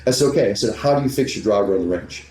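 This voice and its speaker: His voice is lowish and somewhat dark, with lively intonation. As a golf instructor being interviewed for a podcast, he tells a story by acting out the quick exchange between speakers, recorded in an echoey room.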